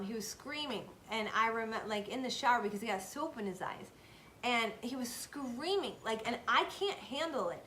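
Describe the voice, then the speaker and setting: A woman's voice: on the high side, bright, forceful tone, a little hiss or hum. A woman in her thirties giving a casual motivational talk to her viewers, earnest and emphatic, repeating phrases for stress. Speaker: self-help video host.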